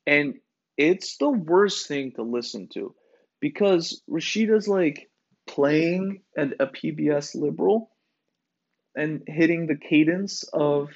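A man's voice: fairly high pitch, slow. A man hosting a podcast, ranting in a sarcastic, profane, rambling way full of fillers. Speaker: podcast host. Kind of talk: casual ranting monologue. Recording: dull lo-fi recording.

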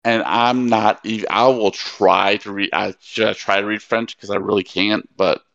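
A man's voice: on the low side, fairly even intonation, normal speed, creaky, a bit bright, dry recording. A man co-hosting a book podcast, chatting casually with some hesitant fillers and reading quotes aloud. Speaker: podcast co-host. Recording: dull lo-fi mic.

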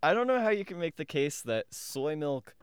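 A man's voice: on the high side, very animated, normal speed, a little hiss or hum. A young man co-hosting a podcast, often laughing and teasing his friends in casual chat. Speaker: podcast co-host.

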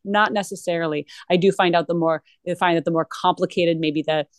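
Woman guest chatting earnestly, lowish voice, dry close sound. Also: fairly quick, no room sound. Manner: earnest, animated, with many restarts. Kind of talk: conversational interview.

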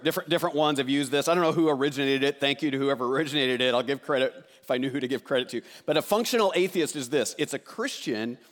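A man, the pastor, preaching a sermon to a seated congregation from a church stage, reading scripture and praying in a conversational, emphatic way that repeats words for stress. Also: on the high side.

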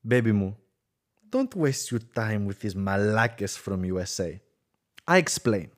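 A man's voice: lowish voice, big pitch swings, unhurried. A man doing a comic voice of a boastful, crude rich Greek island playboy with a heavy Greek accent and broken English. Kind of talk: comic character monologue.

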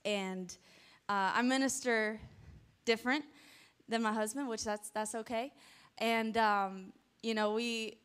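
Smooth-voiced woman preaching. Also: a little high. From American South. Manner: chatty, animated storytelling with many asides. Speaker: guest preacher. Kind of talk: storytelling sermon. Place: church sanctuary before a congregation. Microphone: handheld microphone.

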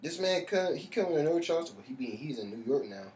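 A man's voice: fairly high pitch, fast talker. A man telling a story in casual chat, laughing often and acting out the voices of the people in it. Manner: animated, laughing, acts out quoted voices. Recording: roomy with faint background hum.

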